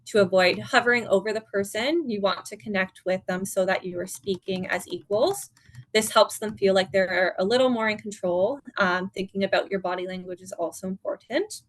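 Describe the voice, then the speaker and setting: A woman presenting at an online seminar as a dementia care educator, giving calm, step-by-step guidance. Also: mid-range voice, no echo. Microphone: video call.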